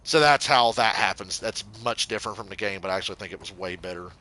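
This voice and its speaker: A man's voice: on the low side, fast, bright, forceful tone. A man giving casual gameplay commentary, rambling and swearing freely, and getting heated as he goes. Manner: rambling, profane, gets heated. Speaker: let's play gamer.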